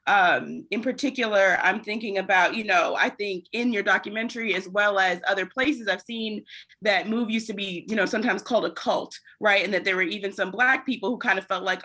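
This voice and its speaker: A woman hosts a casual interview with a bright, clear tone. She asks long, reflective questions, padding them with frequent fillers and hedges while she works out her thoughts. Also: medium pitch, normal speed. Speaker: podcast host.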